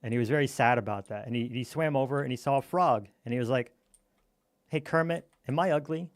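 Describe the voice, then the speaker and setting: A man's voice: mid-range voice, fast, no echo, clean studio sound. A man chatting casually while gaming, telling a silly campfire story in a playful, teasing way.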